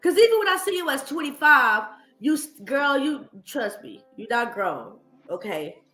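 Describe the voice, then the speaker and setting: Woman, high voice, bright tone, blunt profane commentary, echoey room with faint music. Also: normal speed. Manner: blunt, animated, profane, mocking impressions. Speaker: streamer commentator. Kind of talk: reaction commentary.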